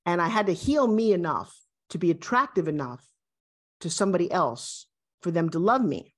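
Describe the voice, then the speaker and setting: A woman in her sixties, a guest, talking in an emphatic, animated and self-assured way in a motivational interview. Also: lowish voice, normal speed. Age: 60s.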